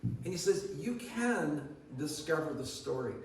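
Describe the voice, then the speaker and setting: A pastor preaching to his congregation, talking casually and asking them questions. His voice sits a little high, and faint ambient noise comes through. The sound is roomy and echoing, picked up from across a large church hall. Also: big pitch swings, a little slow, darkish tone. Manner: conversational, asks the audience questions. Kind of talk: sermon. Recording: echoey church hall from far off.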